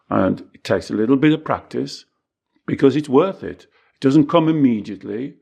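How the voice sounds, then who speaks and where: A man teaching and coaching in a calm conversation, measured and reassuring, repeating phrases for emphasis. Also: mid-range voice, gravelly, husky.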